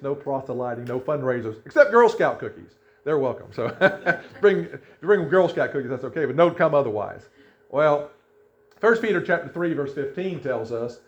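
A man's voice: fairly high pitch, darkish tone, muffled recording. A male pastor preaching a sermon, reading scripture aloud and asking the congregation emphatic questions.

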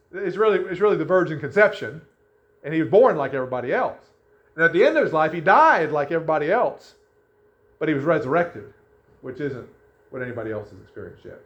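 A man preaching a sermon in a conversational way, often restarting his sentences. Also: on the high side. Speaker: pastor. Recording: echoey room, dull lo-fi sound.

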